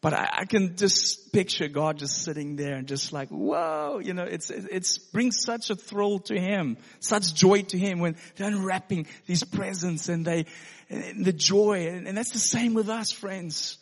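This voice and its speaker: A pastor telling a personal story in a sermon, earnest and given to laughing. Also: male voice, high-pitched, measured pace. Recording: long hall reverb.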